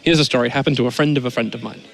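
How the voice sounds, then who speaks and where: A man casting an esports match at a fast clip. He keeps drifting into playful, rambling stories and jokes with his co-casters. His pitch is mid-range. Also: faint music behind. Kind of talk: casual casting banter.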